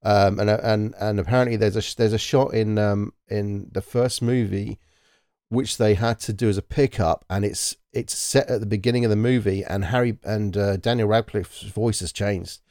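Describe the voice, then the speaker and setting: A man chatting casually as a podcast co-host, animated and joking, with frequent restarts. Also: on the low side, normal speed, no echo, clean studio sound. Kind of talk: casual chat.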